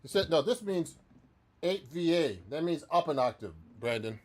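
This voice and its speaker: With a somewhat high, darkish voice, this guitar teacher and working musician speaks animatedly at a moderate pace. He chats through his live-streamed practice, fielding viewer questions and often starting over mid-thought.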